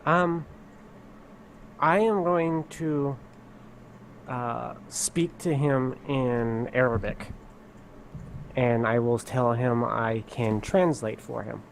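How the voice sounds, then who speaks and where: A man playing a tabletop game, asking questions in a deliberate way. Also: medium pitch, steady tone, vocal fry, slight background noise, poor audio. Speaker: player.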